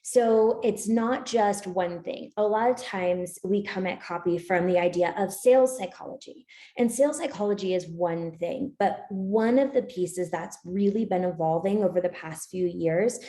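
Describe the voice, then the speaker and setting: A woman speaking as a guest on an online panel over a video call, measured and explanatory. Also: fairly low pitch, warm tone.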